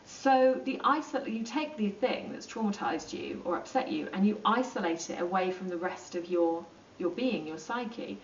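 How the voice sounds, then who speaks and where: A woman explaining psychology in a relaxed, chatty lesson, with plenty of ums and acted-out asides. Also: medium pitch, moderate pace, few pauses, a little hiss or hum. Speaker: psychology teacher. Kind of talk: informal lesson explaining to camera. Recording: roomy, distant and dull.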